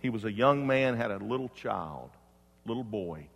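A man preaching a sermon as pastor, swinging from loud emphatic preaching to hushed, quiet storytelling. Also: on the low side, lively intonation, normal speed, creaky, long reverb tail.

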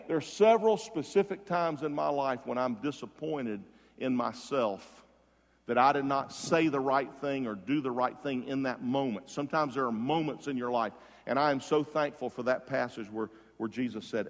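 Male pastor, mid-pitched, dramatic sermon delivery with sharp loud-to-quiet swings, long hall reverb. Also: normal speed. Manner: dramatic swings between loud emphasis and hushed softness; repeats and restarts words for emphasis. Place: church sanctuary.

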